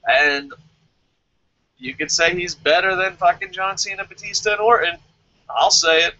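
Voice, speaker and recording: A man's voice: high-pitched, bright, forceful tone, dull audio. A man giving a casual, profane, joking rant as a show reviewer and reading viewer comments aloud. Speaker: wrestling review vlogger.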